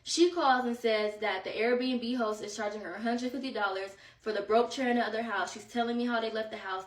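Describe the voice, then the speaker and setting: A woman's voice: on the high side, echoey room, distant mic. A woman telling a vacation drama story in a casual storytime, slangy and exasperated, a bit out of breath. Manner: animated, slangy, exasperated retelling.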